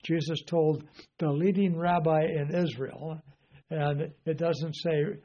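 An older man preaching in a relaxed, folksy way, wandering through stories with plenty of "uh" and "you know". His voice sits a bit high for a man. The recording sounds dull and lo-fi. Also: a little slow. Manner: rambling, folksy, many fillers. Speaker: Bible teacher. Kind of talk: informal sermon.

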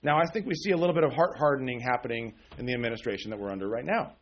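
A man's voice: medium pitch, racing. A man preaching a conversational sermon, often asking the congregation questions and checking in with "okay?". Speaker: pastor.

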